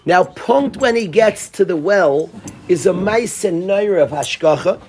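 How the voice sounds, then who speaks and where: A man giving a casual Torah class, animated and acting out the lines he quotes. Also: high-pitched, measured pace, slight background noise. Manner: animated, acts out quoted lines, restarts often. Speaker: Torah teacher.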